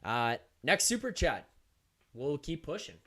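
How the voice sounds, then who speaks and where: A young man hosting a live sports stream, talking fast and animated straight to his viewers, often laughing. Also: on the high side. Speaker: host of a hockey post-game live stream. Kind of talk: energetic live-stream chat.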